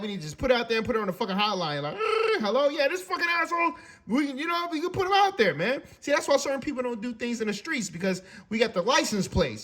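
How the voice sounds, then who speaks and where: A man with a high voice delivers a casual, profane rant. He talks animatedly and stammers through restarts, repeating words as he builds up steam. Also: fairly bright tone. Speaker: commentator. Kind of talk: casual ranting monologue.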